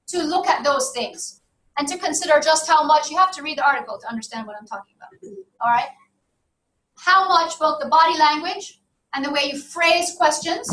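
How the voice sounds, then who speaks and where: A woman's voice: high voice, a bit bright. A woman lecturer teaching a university class, talking in loose, self-correcting sentences and checking in with "okay?". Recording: roomy classroom audio from a distance.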